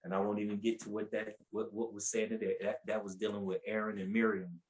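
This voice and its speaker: Man, podcast guest, personal testimony, casual storytelling, lively delivery, repeats his words. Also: lowish voice, quick pace, poor audio. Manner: animated, acts out quotes with raised voice.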